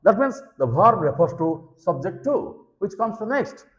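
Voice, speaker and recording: A man's voice: high voice, big pitch swings, unhurried, a bit bright, muffled recording. A man teaching a grammar lesson, repeating key points and often checking if students follow. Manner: repetitive, checks understanding with "okay?". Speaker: English teacher.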